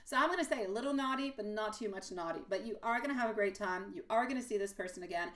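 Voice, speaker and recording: A woman's voice: medium pitch, a bit bright. A woman hosting a live tarot reading, chatting affectionately with viewers, using pet names and laughing often. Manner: laughs often, quick asides. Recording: voice a bit distant from the mic.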